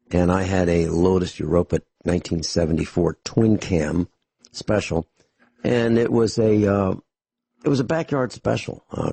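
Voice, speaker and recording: A radio talk show host with a low, gravelly voice that has a husky, slightly rough edge. He spins long, meandering anecdotes with a dry sense of humor, speaking close into a studio microphone in a dead, dry room. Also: warm tone, no echo.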